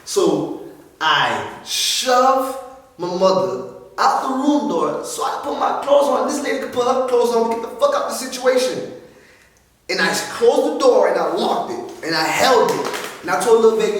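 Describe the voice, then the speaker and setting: A young man hosting a podcast, telling a story in an animated, profane way, packed with slang and fillers. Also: high-pitched, a little hiss or hum. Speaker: podcast host. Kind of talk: casual comedic storytelling. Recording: echoey room, mic far off.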